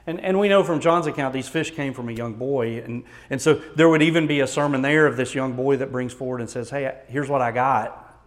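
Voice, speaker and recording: A man's voice: medium pitch, a little fast. Texan male pastor, mid-range voice, earnest sermon delivery with strong dynamic swings.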